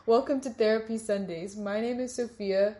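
A woman's voice: on the high side, fairly even intonation, normal speed, mellow, roomy sound. A young woman hosting a podcast in casual chat, with a playful, dry and teasing manner. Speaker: podcast host.

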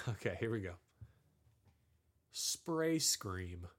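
A man's voice: low voice, expressive, very slow. A young man co-hosting a podcast, chatting casually through a guessing game and laughing often at himself. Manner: laughs often, self-mocking. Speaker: podcast co-host.

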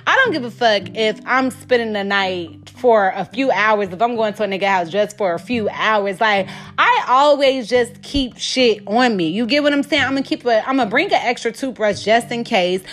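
A woman with a high voice tells a storytime tale, animated and profane. Her voice jumps around as she talks, and she keeps asking whether you follow. Faint music plays behind her. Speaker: vlogger telling a dating story. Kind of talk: casual storytime.

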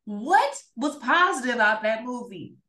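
A woman co-hosting a casual podcast chat, telling stories in an animated, emphatic way. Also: fairly high pitch, moderate pace. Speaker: podcast co-host. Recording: echoey room.

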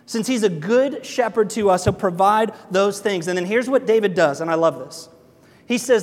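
A young adult man preaching a sermon as pastor, energetic and conversational, full of rhetorical questions. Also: high-pitched, moderate pace, big-room sound.

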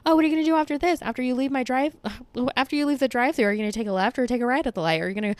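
A woman's voice: high-pitched, dry recording, pitched above the performer's own voice, close to an everyday voice. A woman voicing an overly chatty, bubbly young female barista who fires off nosy questions. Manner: gushing, nosy, rapid-fire questions.

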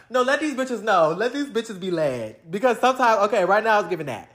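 A woman in a casual vlog rant, speaking at a middling pitch. She is blunt and swears freely, piling on slang as she talks straight to her viewers. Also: big pitch swings, a little fast, few pauses. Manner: blunt, profane, slangy ranting. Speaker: vlogger.

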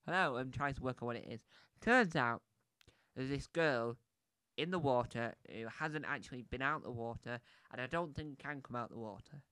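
A man's voice: mid-range voice, moderate pace, fairly bright tone, smooth, no room sound. A man giving a casual, rambling film review on a podcast, chatty, with many restarts and asides.

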